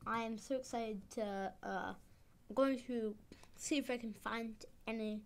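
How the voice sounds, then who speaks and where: A young woman casually commenting while she plays a video game, rambling and excitable, her speech slightly off from a dental expander. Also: fairly high pitch, measured pace, smooth. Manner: chatty, excitable, rambling with fillers. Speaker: gaming video host.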